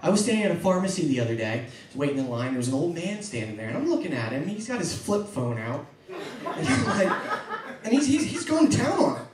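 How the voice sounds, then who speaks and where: A male stand-up comedian on a comedy club stage, doing his routine in an animated way and jumping into high mock voices. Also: quick pace, hardly any pauses, crowd noise. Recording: echoey club from far off. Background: audience laughter.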